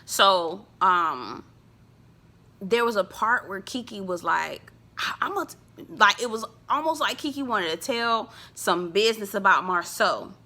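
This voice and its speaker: A woman's voice: medium pitch, animated, measured pace, pushed and bright. A woman recapping a reality TV episode, sassy and gossipy, with frequent laughs. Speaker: TV reviewer. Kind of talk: casual reality-show recap.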